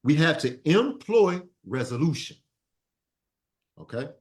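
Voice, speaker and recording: This Sunday school teacher has a voice on the high side and a slow delivery. He preaches with lots of energy, echoing phrases that his class calls back.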